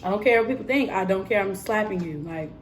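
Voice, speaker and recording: A young woman telling a story in a casual, animated vlog style, emphatic and full of fillers. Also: mid-range voice, fast talker, a little hiss or hum. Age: young adult. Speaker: vlogger and cosmetics counter worker.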